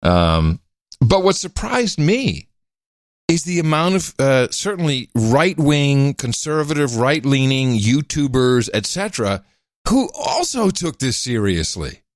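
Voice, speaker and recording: Animated male podcast co-host. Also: medium pitch, measured pace, dry recording, studio quality. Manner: animated, mimics voices when quoting. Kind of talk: casual chat.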